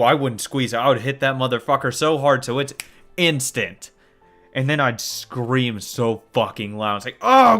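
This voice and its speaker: In a medium-pitched, somewhat bright voice, a let's play host reads through a visual novel out loud. He keeps interrupting himself with stunned swearing and groaning.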